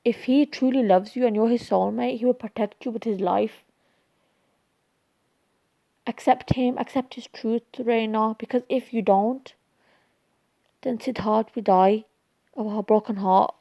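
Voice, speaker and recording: A woman voicing a calm, wise aunt who gives soothing advice in a homemade story reading, recorded dull and dry. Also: a little high, normal speed, no echo, natural voice. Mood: solemn.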